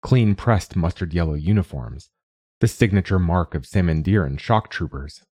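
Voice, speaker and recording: Deep, dark-voiced male narrator. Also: breathy edge, dry recording. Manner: steady, measured storytelling. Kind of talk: scripted narration.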